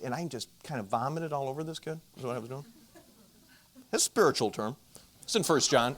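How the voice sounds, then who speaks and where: A man speaking at a marriage conference, telling a self-deprecating story and addressing the audience with direct questions, his volume swinging from loud to hushed. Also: mid-range voice, lively intonation, quick pace. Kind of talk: storytelling Christian talk.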